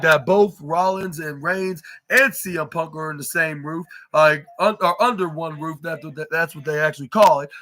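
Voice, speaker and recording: A man hosts a podcast and recaps a wrestling show in a casual, rambling way, stumbling over fillers and restarts. His voice sits high and has a bright edge. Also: a little hiss or hum.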